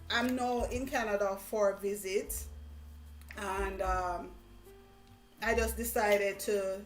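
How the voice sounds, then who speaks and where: A middle-aged Jamaican woman hosting a motivational live stream, talking in an animated way, repeating phrases and laughing often. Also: medium pitch, slow pace. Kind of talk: casual interview chat. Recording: echoey room with faint music.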